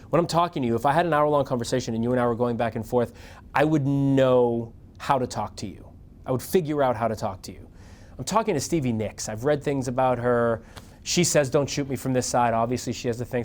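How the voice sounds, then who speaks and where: A middle-aged man, a news anchor, telling career stories to an audience in a casual, animated way and acting out the voices he quotes. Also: medium pitch. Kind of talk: casual storytelling talk to an audience.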